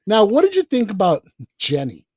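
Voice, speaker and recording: A man co-hosting a podcast, talking casually about films in a blunt, profane, animated way. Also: sits high, normal speed, dry recording. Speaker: podcast co-host. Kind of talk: casual film chat.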